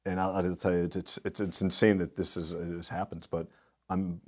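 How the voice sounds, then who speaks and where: A middle-aged man with a fairly low voice talks as an interview guest. He tells lively anecdotes and slips into the voices of the people he quotes. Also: normal speed. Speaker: guest speaker, industry consultant. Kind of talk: storytelling in a podcast interview.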